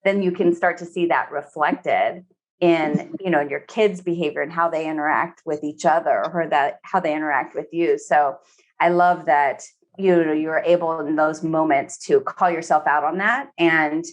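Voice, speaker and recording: A woman therapist talking in a relaxed podcast conversation, filling her speech with "you know" and slipping into quoted voices. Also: sits low, normal speed. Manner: chatty, many fillers, acts out quoted speech.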